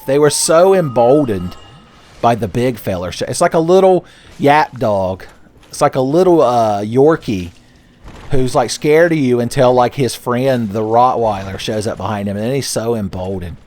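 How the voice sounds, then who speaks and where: A man's voice: medium pitch, animated, measured pace, darkish tone. A man hosting a game let's play with rambling, jokey, profane commentary. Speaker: gaming channel host.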